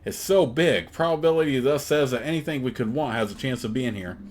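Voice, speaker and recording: Man reads an earnest, pleading male pilgrim leader from a video game, zealous and sure of himself, mid-range pitch. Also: brisk, a little hiss or hum, lightly acted. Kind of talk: reading a video game's dialogue aloud.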